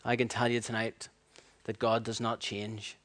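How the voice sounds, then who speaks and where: Animated man preaching a sermon. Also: on the low side, normal speed. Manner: animated storyteller, acts out voices, laughs at his own stories.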